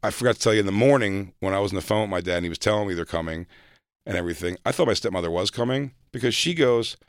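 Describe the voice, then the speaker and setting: A man co-hosting a comedy talk show, telling stories in a casual, animated way and slipping into quick impressions of family members. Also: clean tone, no echo, studio quality. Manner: animated, jumps into high-pitched impressions of family. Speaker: podcast co-host.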